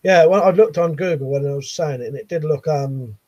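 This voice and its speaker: English guy, late thirties, husky voice, dry close sound, easygoing chat with viewers, light chuckles. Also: a little high, brisk, darkish tone, dry recording. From England. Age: 30s. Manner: laid-back, chuckling, banter with viewers. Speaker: livestream host reading chat. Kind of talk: casual live chat. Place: his bedroom at home.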